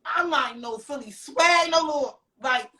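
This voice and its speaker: A woman's voice: high voice, measured pace, distant mic. A woman, a podcast guest, telling a story casually and acting out quoted dialogue. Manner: animated, acts out quoted dialogue. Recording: echoey room, voice from off-mic.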